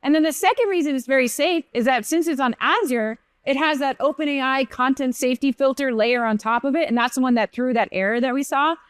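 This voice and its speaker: A woman with a high, clear, smooth voice leads a live coding demo, talking casually and correcting herself as she goes. The sound is close and dry. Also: fairly quick, few pauses, dry recording. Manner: casual, chatty, with fillers and self-corrections. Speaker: developer presenter. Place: conference stage.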